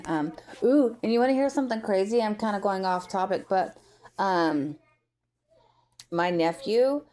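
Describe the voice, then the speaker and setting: A woman's voice: medium pitch, darkish tone. A woman from the United States giving a rambling, opinionated commentary in a casual vlog, full of filler words. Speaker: vlogger.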